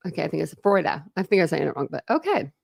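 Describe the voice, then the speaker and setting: A woman's voice: low voice, fast talker, gravelly, dry recording. Give me a chatty woman reading a book aloud on stream, tripping over words, in a dry room. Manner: reads aloud, stops to chat, laughs and stumbles over words. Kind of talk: casual live book read-through with commentary. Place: home room during a thunderstorm.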